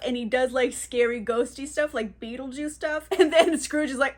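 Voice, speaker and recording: A woman's voice: sits high, normal speed, few pauses. A woman recapping a classic novel for her book vlog in a chatty, filler-heavy, swearing manner. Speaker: book vlogger.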